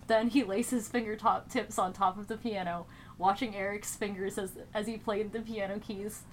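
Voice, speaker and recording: A woman's voice: medium pitch, steady tone, normal speed, a little hiss or hum. A woman co-hosting a comedy show, reading a fanfic aloud and breaking off to laugh and joke about it. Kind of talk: comedic dramatic reading with commentary.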